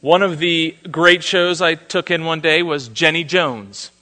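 A male preacher delivering a sermon as an animated storyteller who acts out the quotes. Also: on the high side, measured pace, in a large hall.

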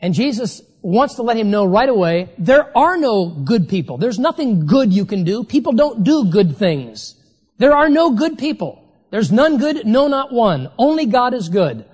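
A preacher delivers a sermon with emphatic conviction, dropping to a slow, deliberate pace to press home the key phrases. The voice rings out with a long reverb tail, as if recorded in a large hall. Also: mid-range voice, big pitch swings, darkish tone, husky.

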